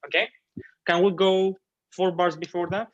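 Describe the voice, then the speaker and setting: A fairly high-voiced man coaches a piano student over a video call, gentle and encouraging, humming melodies and counting beats aloud. The sound is muffled and lo-fi, with piano clearly heard behind him. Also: flat delivery, moderate pace. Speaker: piano teacher. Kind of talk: online masterclass coaching.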